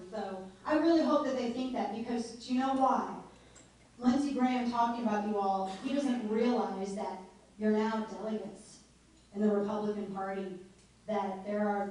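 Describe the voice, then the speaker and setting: A woman's voice: mid-range voice, mellow. A woman giving a joking, informal speech to a live audience at a political meeting. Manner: chatty and joking, laughs often. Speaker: guest speaker at a political meeting. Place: meeting hall. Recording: echoey hall heard from far off.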